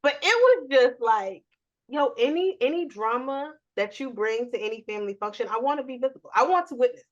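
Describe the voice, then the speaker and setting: A woman from New York co-hosting a podcast, telling an animated, explicit family story and acting out the quotes. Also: high-pitched, brisk, dull audio. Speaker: podcast co-host. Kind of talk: casual storytelling chat.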